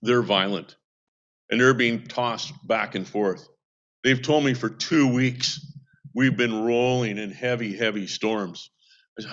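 A man's voice: mid-range voice, lively intonation, normal speed, a bit bright, highs cut off. A man who works with a seamen's mission, giving a casual update in a rambling, anecdotal way with frequent restarts.

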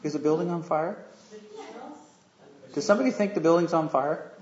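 Chatty preacher, echoey hall. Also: male voice, on the high side, moderate pace, a little mellow. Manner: conversational, asks the audience questions, many fillers. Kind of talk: sermon with storytelling. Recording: echoey room, dull lo-fi sound.

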